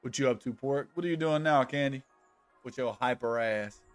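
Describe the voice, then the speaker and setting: A man's voice: medium pitch, normal speed, no room sound, faint music behind. A man streaming a game live, chatting loosely with viewers, swearing freely and calling them by nicknames. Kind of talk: casual live-stream chat while gaming.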